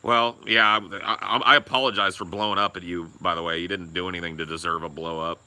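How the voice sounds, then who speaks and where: A man co-hosting a podcast, talking in a profane, rambling casual way with loud laughs. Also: deep voice, level tone, fast. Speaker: podcast co-host. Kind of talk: casual chat.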